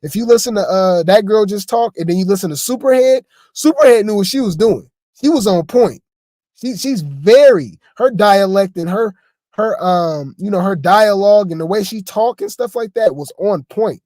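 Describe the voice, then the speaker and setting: A man's voice: high voice, animated, normal speed, dark tone, dry recording, clean studio sound. A man giving casual reaction commentary on video clips, chatty and stammering, throwing asides to his viewers. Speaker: commentary host.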